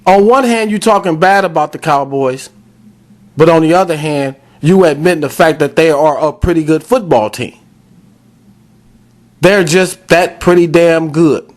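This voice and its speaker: A man's voice: fairly high pitch, unhurried. A man hosting a sports talk podcast, ranting bluntly and calling out directly to fans. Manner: fired-up, addresses fans directly; blunt, repetitive scolding. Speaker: podcast host.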